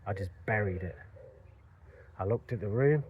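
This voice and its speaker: Man with a fairly low voice recounting a personal story, earnest and reflective. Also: normal speed, narrow, tinny audio, a little hiss or hum. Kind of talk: personal story told to camera.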